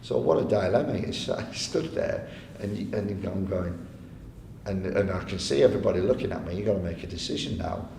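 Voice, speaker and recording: A man's voice: animated, a little fast, gravelly, mellow. A man telling chatty anecdotes to a live audience, often laughing and acting out the people he quotes. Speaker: guest speaker. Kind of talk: live on-stage storytelling. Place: arts venue hall, live audience. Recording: echoey hall with faint rumble.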